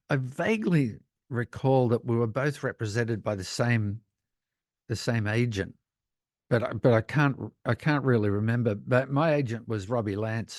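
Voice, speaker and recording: A man's voice: mid-range voice, dry recording. Older Australian man, dry close mic. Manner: animated anecdotes, acts out voices, laughs often. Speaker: guest, cinematographer. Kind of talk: casual interview storytelling.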